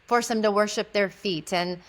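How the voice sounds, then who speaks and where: A woman's voice: medium pitch, normal speed. A woman guest, an intimacy educator, telling a story in conversation and acting out the dialogue in it. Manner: animated, acts out quoted dialogue.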